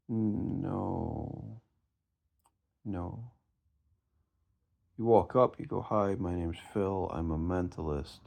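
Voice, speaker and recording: A man's voice: low-pitched, vocal fry, dark tone. A man giving an emphatic, direct casual talk on performing magic, often restarting his words. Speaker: mentalist discussing magic performance. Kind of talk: casual instructional monologue.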